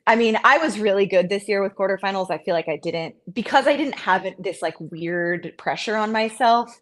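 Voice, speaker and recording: Woman in her thirties, interview guest, casual chat, animated, self-mocking, mid-pitched. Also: a little fast, slight background noise. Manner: animated, self-mocking, acts out quotes in a higher voice. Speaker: interview guest, CrossFit athlete.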